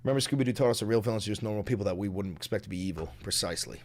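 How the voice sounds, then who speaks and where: A man's voice: fairly low pitch, racing. A man streaming live and reacting to a clip, ranting bluntly with lots of swearing and wild theories. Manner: blunt, swearing, conspiratorial rants. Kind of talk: profane live-stream commentary.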